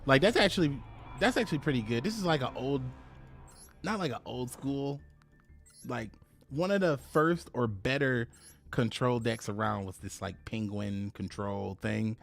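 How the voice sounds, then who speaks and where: A man's voice: medium pitch, moderate pace, gravelly, faint music behind. A man commentating live on his own card game play, chatty and laughing, talking to his viewers. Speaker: game streamer.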